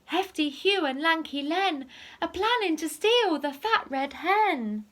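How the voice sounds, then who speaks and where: A woman's voice: extremely high pitch, lively intonation, slow pace, a bit bright, pitched above the performer's own voice, heavily acted. A woman voicing a small, clever female ladybird in a storybook reading. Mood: eager.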